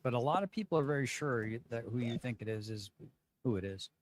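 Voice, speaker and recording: A man's voice: medium pitch, lively intonation, fast talker, no echo. Rambling, self-pitying male streamer. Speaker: live streamer hosting callers. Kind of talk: casual live-stream chat.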